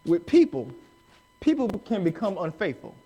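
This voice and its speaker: A man preaching a live sermon in church, emphatic and rising to shouts as he acts out the people he quotes. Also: high voice, sing-song, normal speed, husky. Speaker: pastor. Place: church sanctuary.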